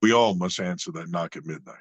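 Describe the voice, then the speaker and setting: A man's voice: low-pitched, brisk, husky, no room sound, poor audio. A man telling a personal story in a conversation, earnest and preacher-like in his cadence. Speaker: guest.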